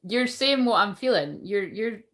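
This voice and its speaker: A woman's voice: medium pitch, animated, normal speed. A woman giving a casual tarot reading, rambling, swearing freely and laughing often. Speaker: tarot reader.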